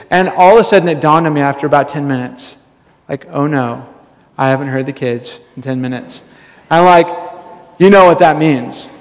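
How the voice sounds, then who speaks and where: A man preaching a conversational sermon, telling stories with plenty of casual fillers. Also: high voice. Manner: casual, storytelling, many fillers. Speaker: pastor. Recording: long hall reverb.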